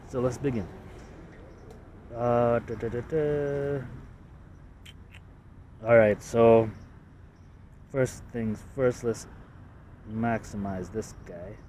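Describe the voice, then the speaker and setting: A man's voice: on the low side, darkish tone, distant mic, slight background noise. A man from Canada casually walking through his drawings, hesitant and self-deprecating, with lots of fillers. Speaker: artist showing his drawings. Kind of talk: casual rambling walkthrough.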